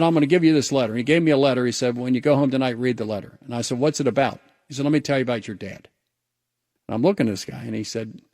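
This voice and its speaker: A man hosts a radio show and tells a personal story in an earnest, reflective manner, stumbling and restarting as he goes. His voice sits at an ordinary middle pitch. The studio sound is dry and close. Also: darkish tone, no room sound. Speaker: radio host.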